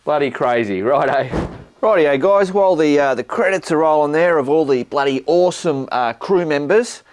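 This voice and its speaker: A man's voice: fairly high pitch, brisk. A middle-aged Australian man hosting a motorcycle vlog, chatting in a blokey way with plenty of swearing, ums and uhs. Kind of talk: casual vlog chat.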